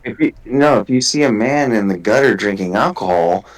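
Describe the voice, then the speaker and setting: Low-voiced man telling a rambling story. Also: animated, moderate pace, rough recording. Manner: rambling storytelling, heavy swearing, restarts. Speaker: guest. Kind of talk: casual podcast conversation.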